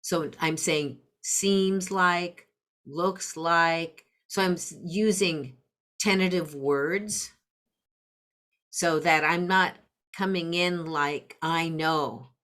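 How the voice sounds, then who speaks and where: A woman's voice: on the low side, very slow, fairly bright tone. A middle-aged woman, a parenting coach and podcast guest, explaining step by step and acting out example phrases. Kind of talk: explanatory interview talk.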